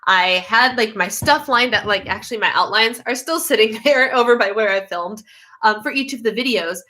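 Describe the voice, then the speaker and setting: A woman's voice: a little high, moderate pace, pushed and bright. A woman hosting a casual livestream, chatty and easily sidetracked, with lots of fillers. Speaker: YouTube livestream host.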